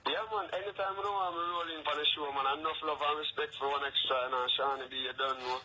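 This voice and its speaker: A man's voice: on the high side, steady tone, fast, sharp tone. A young man from England speaking in a Jamaican patois accent, easygoing and laid-back as a guest on the phone. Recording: muffled phone line with faint hiss.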